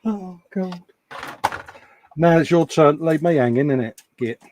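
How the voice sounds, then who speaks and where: A man's voice: fairly high pitch, a little slow, a little mellow, a little hiss or hum. A man hosting a casual chat while building a model, teasing and bantering. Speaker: host.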